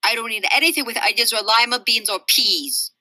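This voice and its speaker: A woman's voice: fairly high pitch, a little fast, bright, forceful tone, breathy edge, no echo, pitched above the performer's own voice, full character voice. A woman voicing a fussy, whiny six-year-old boy in a storybook reading, with a put-on tough-guy bluster. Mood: bossy.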